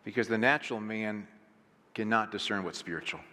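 A man's voice: on the low side, brisk, bright, forceful tone. A man, a pastor, preaching a sermon in a conversational way with rhetorical questions, in a church sanctuary. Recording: long reverb of a large hall.

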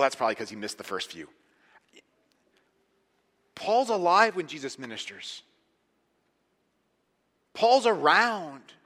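Animated preacher man in a big hall. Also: fairly high pitch. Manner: animated preaching, swinging from hushed to loud and emphatic. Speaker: pastor. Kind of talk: sermon. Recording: long hall reverb.

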